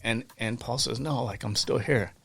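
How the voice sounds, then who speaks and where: A man's voice: mid-range voice, moderate pace, gravelly, fairly bright tone, faint music behind. A man guest on a podcast, telling faith stories in an earnest, fervent way, with many restarts and repeated words. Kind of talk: casual interview storytelling.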